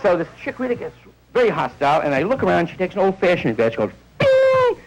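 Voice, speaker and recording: A man's voice: high voice, sing-song, fast talker, dull audio, soft background music. A man doing a rambling stand-up comedy monologue, telling stories and acting out bits of dialogue.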